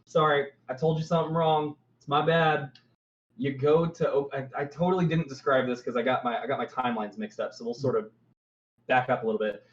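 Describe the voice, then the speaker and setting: A man narrating as game master in a relaxed, descriptive way, stopping now and then to correct himself. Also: mid-range voice, a little fast, reverberant, highs cut off.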